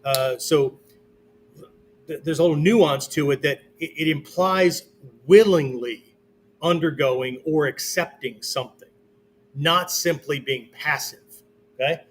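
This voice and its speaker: A man's voice: fairly high pitch, unhurried, long pauses, slight background noise. A male martial arts instructor giving a whiteboard lesson in a loose, conversational way, checking in with his listeners after nearly every phrase. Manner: checks in constantly with "okay?" and "right?"; loose, conversational explaining with fillers. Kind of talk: whiteboard teaching talk.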